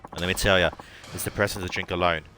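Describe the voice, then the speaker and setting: A man's voice: sits low, steady tone, quick pace, noisy background, lightly acted. A man reading aloud as a drunk, folksy, boastful middle-aged former ballplayer. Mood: boozy friendly.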